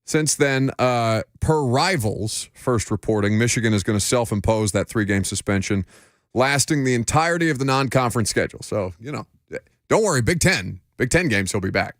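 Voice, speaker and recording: A man hosting sports talk radio, dry and close in the studio. His pitch sits in the middle, and his chat is wry and teasing. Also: expressive, normal speed, dry recording. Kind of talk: casual sports radio banter.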